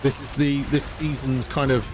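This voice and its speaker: A man's voice: medium pitch, little pitch movement, moderate pace, noisy background. A man streaming a video game live, chatting casually in a rambling way and laughing at himself. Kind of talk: casual live-stream chat while gaming.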